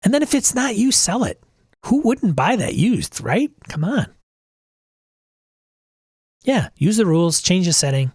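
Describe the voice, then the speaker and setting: A man's voice: high-pitched, big pitch swings, unhurried, pauses often, husky, no echo, clean studio sound. A middle-aged man hosting a casual livestream talk, blunt and exasperated, swearing casually as he rants. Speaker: podcast host.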